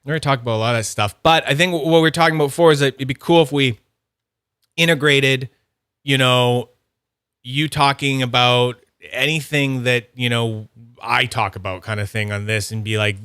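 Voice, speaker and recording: A young man chats loosely as host, tripping over his own sentences and breaking into laughs. His voice is bright and edgy. The sound is close and dry, with no room around it. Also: medium pitch, steady tone, moderate pace, clear, resonant tone, no echo. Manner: rambling, self-interrupting, laughs often. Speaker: podcast host. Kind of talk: casual livestream chat.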